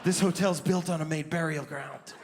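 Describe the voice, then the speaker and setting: Guy putting on a creepy flat-voiced front desk clerk, low and quiet, spooky then fed up with his job, stand-up bit. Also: normal speed, noisy background, lightly acted. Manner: low, flat, deadpan delivery.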